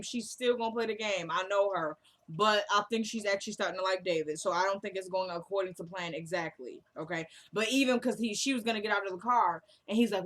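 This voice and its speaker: Recapping a TV drama episode in a relaxed, chatty way, this woman voices the characters' dialogue and slips in humorous comments. She's a recap vlogger whose medium-pitched voice sounds pushed and bright.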